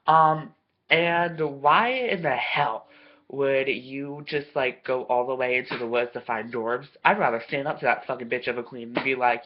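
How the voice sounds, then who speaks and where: A vlogger delivering a foul-mouthed, sarcastic rant straight to camera, swearing nonstop and jumping into loud, indignant outbursts. The voice sits in a middle pitch. The recording is dull and lo-fi, with the top end muffled. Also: normal speed. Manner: swears constantly, sarcastic, loud bursts of outrage. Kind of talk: profane comedic rant to camera.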